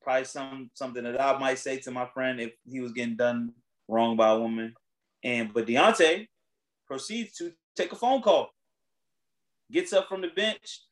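A man hosting a casual chat, retelling a story in animated, slangy, profane talk. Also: medium pitch, normal speed, poor audio.

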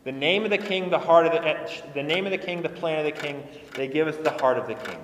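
A man's voice: a little high, quick pace, a bit bright, a little hiss or hum. Young man preaching in an echoing hall. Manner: earnest and conversational, repeating phrases for emphasis. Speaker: pastor. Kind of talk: sermon. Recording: echoey hall with long reverb.

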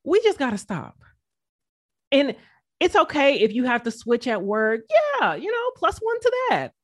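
A woman's voice: fairly high pitch, big pitch swings, moderate pace, no echo. Sassy Southern woman with a drawl. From American South. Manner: blunt, sassy, slangy. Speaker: podcast co-host. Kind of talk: casual chat.

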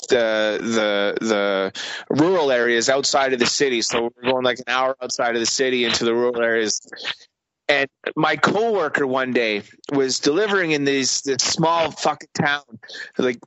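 A man's voice: mid-range voice, fairly bright tone, no room sound. A man in casual chat, telling a story in a rambling, profane way with many restarts. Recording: dry, dull lo-fi audio.

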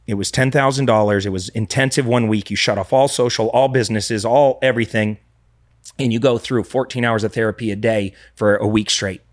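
Podcast guest, male, low-pitched, dry close sound, earnest and confessional, restarts often. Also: steady tone, brisk, dry recording. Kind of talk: candid personal storytelling.

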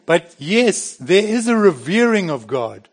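A man's voice: high voice, big pitch swings, unhurried. A middle-aged man preaching a sermon in a plain, conversational way, with bursts of emphasis. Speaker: pastor.

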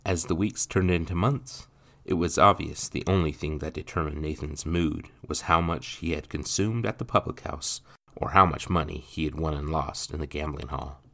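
Deep gravelly male storyteller. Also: moderate pace, sharp tone. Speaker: podcast narrator. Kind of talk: scripted story narration.

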